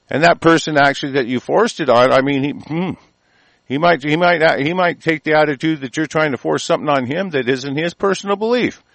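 A man's voice: mid-range voice, no room sound, low-quality recording. Man, political rant, heated, rambling, stumbling fillers, dry close sound.

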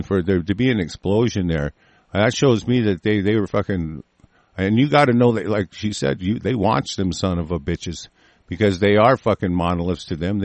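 Here a US man with a low, darkish voice swears his way through a furious rant, stopping now and then to read the news aloud. No room sound is audible.

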